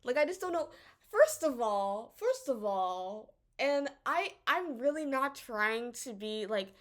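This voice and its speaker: Rambling, exasperated woman with a high voice. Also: slow. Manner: animated, rambling, exasperated, with frequent stammered restarts. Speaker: vlogger reviewing a drama series. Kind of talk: casual commentary monologue.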